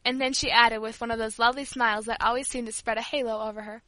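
Woman reading a story, bright and high. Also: dry recording. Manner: steady, measured narration. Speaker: narrator.

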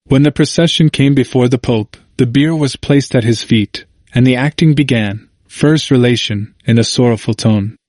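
A man narrates a historical text in a steady, formal reading voice of middle pitch. The sound is dry and close, with no room around it. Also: moderate pace, few pauses, no room sound. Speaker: audiobook narrator. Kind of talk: scripted narration.

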